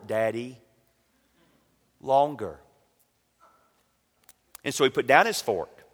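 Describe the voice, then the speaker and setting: Man preaching in an echoing hall. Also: mid-range voice. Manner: preaching, building to loud emphatic lines then dropping to quiet storytelling. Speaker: pastor. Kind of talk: sermon.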